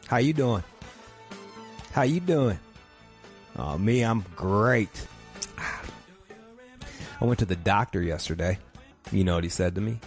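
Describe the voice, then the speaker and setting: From his couch at home, a podcast host with a gravelly, mid-range voice spins profane, rambling comic stories in a crude comedic rant.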